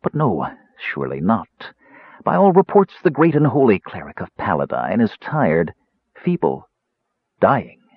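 A man voicing a soft, sarcastic young sorcerer. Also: on the low side, wildly swooping pitch, measured pace, breathy edge, full character voice. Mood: sneering. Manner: soft, sarcastic, sinking to a hiss. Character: sardonic young male sorcerer, soft-voiced and mocking. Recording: dull lo-fi dry recording.

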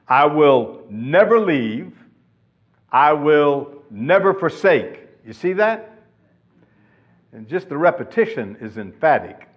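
A man preaching a sermon, emphatic and asking his listeners questions. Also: fairly high pitch. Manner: emphatic, asks the congregation questions. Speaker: pastor. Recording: dull lo-fi sound.

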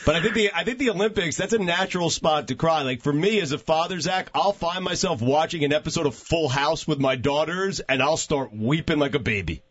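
A man's voice: a little high, fairly quick, few pauses, a bit bright. A man co-hosting sports talk radio, joking in a wry way. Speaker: radio co-host. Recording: dull lo-fi radio with faint music.

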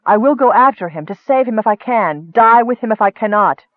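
A man voicing a proud, defiant young woman who is a swordswoman, speaking forcefully. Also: high-pitched, lively intonation, a little fast, dry recording, pitched above the performer's own voice. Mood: fierce. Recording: tinny phone-like dry sound.

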